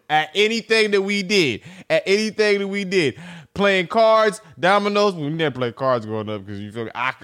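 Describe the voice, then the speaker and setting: High-voiced, animated young male podcast host. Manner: animated, swings pitch widely for comic effect; rambling, repeats and restarts phrases. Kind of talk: comedic solo podcast monologue.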